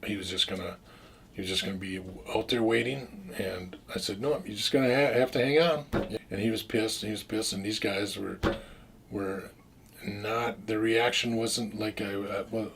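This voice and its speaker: A man's voice: on the low side, flat delivery, moderate pace, gravelly, a bit bright, a little hiss or hum. A man casually telling a story from his own past, rambling with restarts and frequent swearing. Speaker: storyteller recounting his past as a drug dealer.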